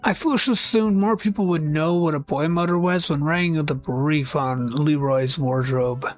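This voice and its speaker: A woman's voice: low-pitched, normal speed. Wry woman reading fan posts aloud. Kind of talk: casual scripted commentary with skits. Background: faint background music.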